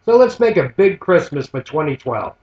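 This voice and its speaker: An American man telling a story in a profane, animated rant, now and then mimicking the people in it. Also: on the high side, moderate pace. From United States. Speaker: vlogger. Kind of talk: ranting storytelling monologue. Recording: echoey, dull lo-fi sound.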